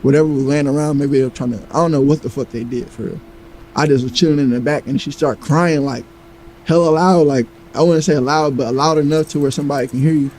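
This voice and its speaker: Male storyteller, casual and animated, mellow low-bright tone, light background hiss. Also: fast, rough recording. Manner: animated, acts out quoted lines, heavy profanity.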